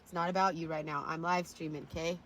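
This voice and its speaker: A woman's voice: deep voice, level tone, fast talker, fairly bright tone, a little hiss or hum. A woman livestreaming from her phone, rambling and swearing to her chat with frequent laughter. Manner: rambling, profane, laughs often.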